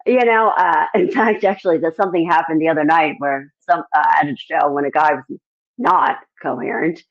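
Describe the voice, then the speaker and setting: A middle-aged woman, a country singer-songwriter, chatting as an interview guest and telling lively stories. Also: sits low, normal speed, lo-fi sound. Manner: animated storytelling, acts out others' voices. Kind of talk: casual interview chat.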